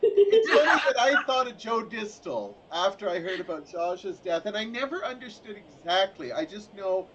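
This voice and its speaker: A man's voice: high voice, sing-song, moderate pace, hardly any pauses, a bit bright, highs cut off, slight background noise. A man hosting a talk show, chatting casually and laughing often. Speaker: show host. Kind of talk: casual chat.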